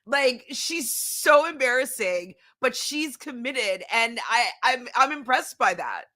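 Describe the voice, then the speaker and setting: A woman talking as a guest on a casual recap chat, chatty and quick to laugh. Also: on the high side, expressive, pushed and bright.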